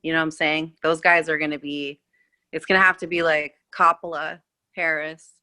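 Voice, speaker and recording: A woman chatting as a guest, with a bright, forceful voice pitched a little low. She rambles through her points with loose restarts and fillers. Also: flat delivery, normal speed. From California. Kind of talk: casual political chat.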